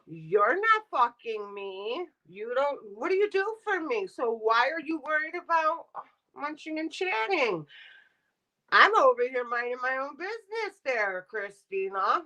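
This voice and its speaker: A woman's voice: high-pitched, sharp tone, low-quality recording. A middle-aged woman streaming live, ranting bluntly and sarcastically while talking to her chat. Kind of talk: casual livestream rant.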